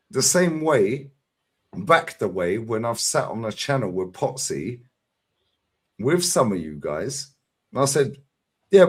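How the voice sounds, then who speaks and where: A middle-aged man, arguing hard on a fan livestream and pushing each point with a challenging "yeah?". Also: mid-range voice. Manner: combative, emphatic, constant "yeah?" tags. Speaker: fan channel streamer. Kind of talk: heated livestream debate.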